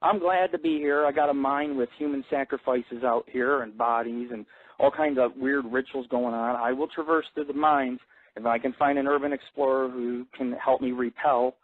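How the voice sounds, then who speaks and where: A man's voice: mid-range voice, fairly even intonation, moderate pace, dry recording. A man hosting his own internet radio show, telling loose, profane stories full of fillers. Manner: loose, crude storytelling with many fillers. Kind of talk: rambling profane monologue. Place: Las Vegas. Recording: tinny phone-like lo-fi audio.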